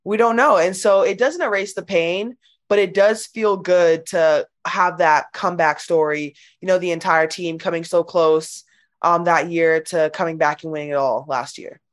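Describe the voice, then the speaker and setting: A woman's voice: fairly low pitch, moderate pace. A young woman, a college basketball player, chatting casually as an interview guest with lots of "like". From United States. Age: young adult. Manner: chatty, lots of "like", animated retelling.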